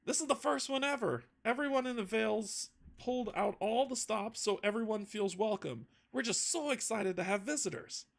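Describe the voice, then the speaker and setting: A man's voice: high-pitched, normal speed, vocal fry, hardly any pauses, voice pushed up. A man doing a gushing young villager. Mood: excited. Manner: excited, gushing.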